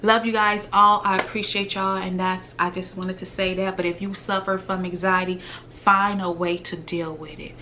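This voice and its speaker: A woman's voice: fairly low pitch, flat delivery, normal speed, pushed and bright, a little hiss or hum. A woman, talking earnestly to her viewers in a heartfelt vlog. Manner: earnest, heartfelt, repetitive, slips into whispers. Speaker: vlogger. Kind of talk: emotional direct-to-camera talk.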